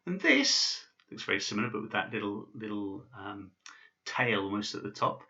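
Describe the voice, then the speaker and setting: A man's voice: fairly low pitch, big pitch swings, moderate pace, pushed and bright, lo-fi sound. A man teaching basic pronunciation in a casual video lesson, with many fillers and restarts. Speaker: language teacher.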